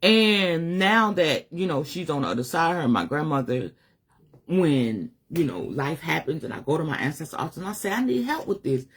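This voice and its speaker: A woman's voice: low voice, sing-song, normal speed, husky. A middle-aged woman giving a candid, emotional live-stream monologue as a spiritual advisor, swearing casually.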